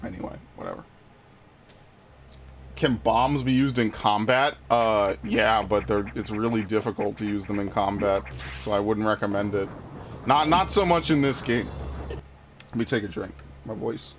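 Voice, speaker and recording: A man's voice: fairly low pitch, moderate pace, slight background noise. A young man streaming a game, telling a rambling story with lots of swearing and getting worked up as he talks. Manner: rambling, swears a lot, excitable rants. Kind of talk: casual let's-play commentary. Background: game music.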